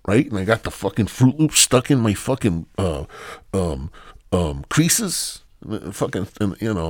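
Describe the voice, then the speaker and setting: A man hosting a podcast, delivering a crude, profane comic rant that swings from loud mockery to low mumbling. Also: expressive, normal speed, breathy edge, dry recording. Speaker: podcast host.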